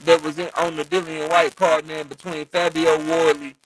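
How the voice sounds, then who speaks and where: A man co-hosting a boxing live stream, eager to break down the latest fights. His voice is gravelly and a little higher than usual, heard close and dry. He keeps tossing in "man" as he talks. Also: normal speed, no echo, rough recording. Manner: excited, repeats "man". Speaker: co-host. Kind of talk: casual live-stream chat.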